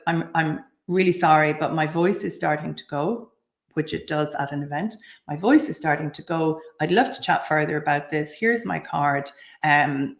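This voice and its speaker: A woman's voice: on the low side, creaky, echoey room. A woman giving direct, practical advice on selling at craft fairs, with frequent ums. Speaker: craft business speaker.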